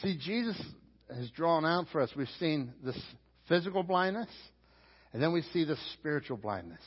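A pastor with a Pittsburgh accent preaching a sermon, animated, acting out shouted lines from the text. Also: male voice, fairly high pitch, breathy edge. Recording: dull sound with long hall reverb.

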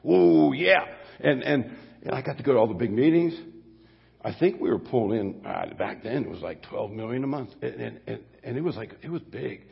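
A man's voice: mid-range voice, animated, fairly quick, gravelly, husky. An older man preaching a sermon as pastor, folksy and rambling, often correcting himself mid-sentence. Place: church sanctuary. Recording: dull long-reverb church sound.

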